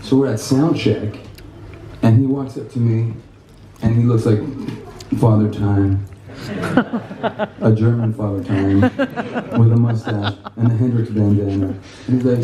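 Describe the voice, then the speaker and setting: A man giving a guitar clinic, telling animated stories to an audience with laughter and quoted voices. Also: lowish voice, normal speed, a crowd in the background. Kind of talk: casual storytelling to an audience. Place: music store clinic in front of an audience. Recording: echoey room, mic from a distance.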